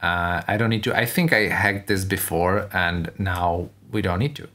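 A man's voice: deep voice, normal speed, sharp tone. A man hosting a reaction video, thinking aloud with enthusiastic casual commentary. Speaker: host reacting to a tech keynote.

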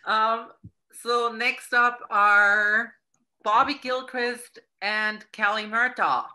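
A woman's voice: on the high side, steady tone, sharp tone. A woman moderating a live-streamed Q&A, handing over to callers over a video call. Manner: brisk, managing callers.

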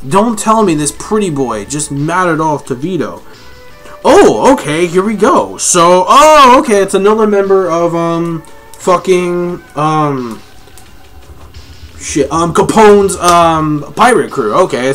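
A man reviewing a comic chapter live, reading panels aloud and reacting excitedly with lots of swearing. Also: on the high side. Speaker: manga reviewer.

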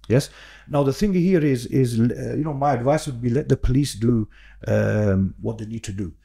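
Earnest gravelly man, dark tone. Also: mid-range voice, a little fast. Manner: earnest, repeats words, many fillers and restarts. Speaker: podcast guest, imam. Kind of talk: casual podcast conversation.

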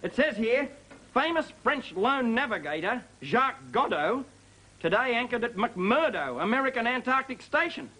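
An actor playing a bossy, boastful and greedy station boss. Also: male voice, extremely high pitch, sing-song, normal speed, sharp tone, slight background noise, full character voice. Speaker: sitcom character. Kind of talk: sitcom acting.

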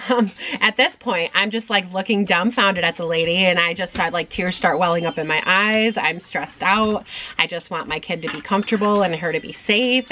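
Bright-voiced chatty young mom. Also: female voice, lowish voice, a little hiss or hum, rough recording. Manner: chatty, many ums and restarts. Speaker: vlogger mom. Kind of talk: casual storytime vlog.

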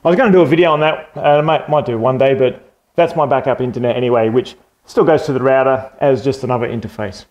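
A man hosting a casual tech video, talking through a screen share in a relaxed, rambling way with plenty of fillers and the odd swear. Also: mid-range voice, quick pace, muffled recording. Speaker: tech channel host. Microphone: desk microphone for the screen segment.

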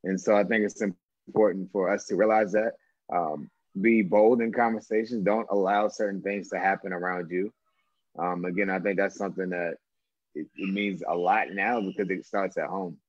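A man's voice: low voice, fairly even intonation, moderate pace, dry recording. A man who is a former athlete speaking as a panelist on a video call, earnest and emphatic in a plain-spoken way. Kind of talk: panel discussion. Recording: dull, dry lo-fi audio.

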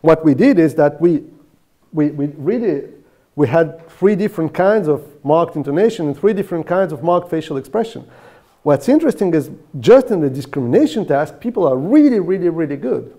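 A man's voice: on the high side, expressive, fairly quick, mellow. Man explaining research in a seminar. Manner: explaining, many restarts and repeated words. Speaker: speaker answering questions. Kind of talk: academic Q&A discussion.

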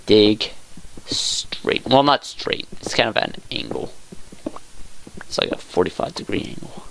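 A young man casually commenting on his own gameplay, talking to himself and his viewers, saying y'all a lot, with excited outbursts. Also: lowish voice, vocal fry, slight background noise. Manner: says y'all often. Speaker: let's play gamer.

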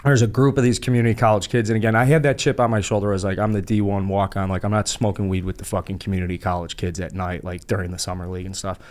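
A man's voice: lowish voice, flat delivery, rapid-fire, few pauses, a little mellow. A young man hosting a podcast, telling a story in a rambling, profane way full of fillers. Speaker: podcast host. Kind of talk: casual storytelling.

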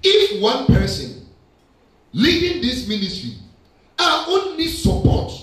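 Speaking slowly in a very high voice, a Ghanaian pastor delivers a lively sermon that mixes Twi with English. The recording catches him from afar in an echoing church hall.

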